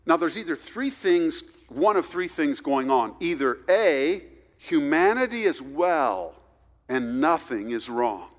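A man preaching a sermon, swinging between loud, stressed points and hushed, quiet asides. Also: on the high side, big pitch swings, slow pace. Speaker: pastor. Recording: reverberant hall recording.

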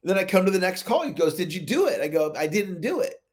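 High-voiced man telling animated coaching stories. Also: fast. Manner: animated storytelling, acts out both sides of dialogues. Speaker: sales coach, call host. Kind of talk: motivational talk on a live call. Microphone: video call.

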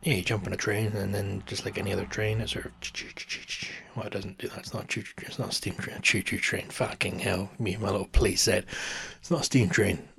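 A man's voice: lowish voice, fairly even intonation, fast talker, gravelly, few pauses, fairly bright tone, slightly rough. A man in his thirties telling a rambling travel story as a podcast host, chatty, laughing often and swearing casually. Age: 30s.

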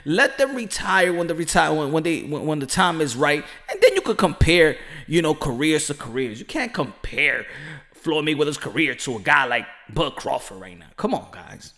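Brief: animated male podcast host, high and expressive, preaching his point. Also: normal speed. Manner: animated, preachy, repeats himself for emphasis. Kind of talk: casual monologue.

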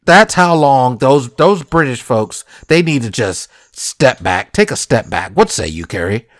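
A man's voice: mid-range voice, sing-song, measured pace, fairly bright tone. A man hosting a casual comedic chat, joking in a mock-serious way and quizzing his co-host.

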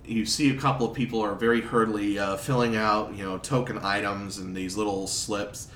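A man's voice: fairly low pitch, a little fast. Man narrating as game master, roomy. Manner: relaxed, descriptive, with fillers. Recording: roomy, distant mic with faint noise.

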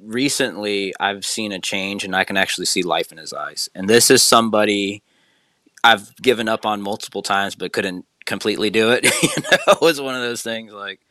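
A man with a lowish voice speaks as a podcast guest in a dry recording. He talks hesitantly, often pausing and restarting his sentences. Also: pushed and bright, dry recording. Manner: hesitant, many fillers and restarts. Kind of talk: casual chat.

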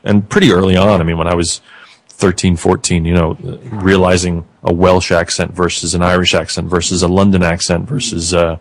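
A man's voice: low voice, flat delivery, brisk. A man who hosts a podcast, talking casually and thoughtfully as a guest, often restarting his phrases while he works out an answer. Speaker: podcast host being interviewed. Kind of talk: casual conversation.

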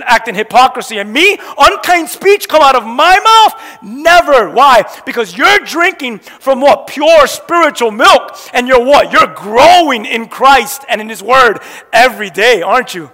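A man's voice: very high-pitched, lively intonation, normal speed, pushed and bright. A man preaching a sermon as a pastor, throwing questions at the congregation and waiting for them to answer. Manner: emphatic call-and-response questioning. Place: church sanctuary. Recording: long hall reverb.

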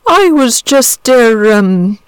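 A woman voicing a simple, gentle, well-mannered dragon who speaks hesitantly in a storybook reading. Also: fairly high pitch, very animated, clean tone, dry recording, voice pushed up, rough recording. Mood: sleepy polite. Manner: slow, hesitant, polite small talk.

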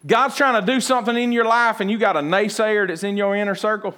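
A male preacher with a fairly high voice, delivering a sermon. He tells stories in a folksy, animated way. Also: fast talker, few pauses. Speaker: pastor.

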